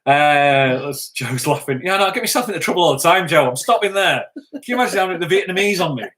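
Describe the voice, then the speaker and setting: A man's voice: a little high, expressive, fast talker, fairly bright tone. A middle-aged man co-hosting a live stream, joking and reading viewers' comments aloud as he thanks them.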